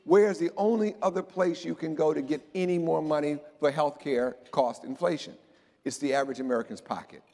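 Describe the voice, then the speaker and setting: Animated man presenting in a reverberant hall. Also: on the high side, a little fast, creaky. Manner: animated, joking, emphatic. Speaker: keynote speaker. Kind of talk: conference presentation with slides.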